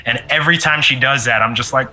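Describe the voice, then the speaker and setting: A man in casual chat, talking in a reflective, measured way. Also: medium pitch, pushed and bright.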